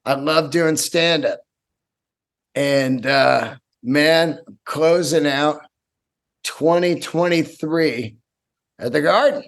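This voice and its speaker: A man in his fifties, a stand-up comedian hosting his own podcast, telling stories in an excitable, profane, rambling way with many restarts. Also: on the high side, slow pace. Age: 50s. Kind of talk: casual solo podcast storytelling.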